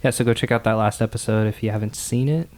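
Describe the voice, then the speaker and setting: A man's voice: lowish voice, fairly even intonation, fast talker, darkish tone. A young adult man co-hosting a casual podcast, goofy and joking with energy. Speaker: podcast co-host. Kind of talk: casual chat.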